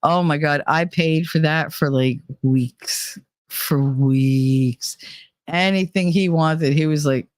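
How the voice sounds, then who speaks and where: Brief: middle-aged woman host, lower voice, animated storyteller, dry close sound. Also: slow, dry recording. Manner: animated, swears, mimics others' voices. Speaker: channel host. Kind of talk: casual storytelling chat.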